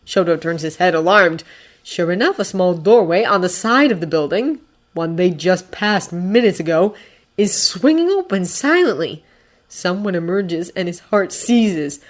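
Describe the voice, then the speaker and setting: Expressive woman reading fiction aloud. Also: lowish voice, a little slow. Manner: expressive, acting out voices. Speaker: fanfiction reader. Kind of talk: audiobook narration.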